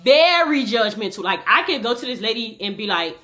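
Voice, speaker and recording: Bright-voiced woman telling a wild storytime. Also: on the high side, brisk, hardly any pauses. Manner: animated, profane, talks straight to the viewer. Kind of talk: casual storytime.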